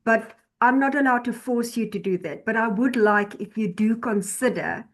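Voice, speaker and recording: A woman teaching an online class, explaining slowly and patiently, often repeating and restarting her phrases. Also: a little high.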